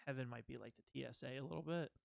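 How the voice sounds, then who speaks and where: A man's voice: medium pitch, rapid-fire, creaky, dry recording. A man co-hosting a casual comedy podcast, telling profane stories and acting out the lines of people in them. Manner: animated, profane storytelling with acted-out quotes. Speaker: podcast co-host.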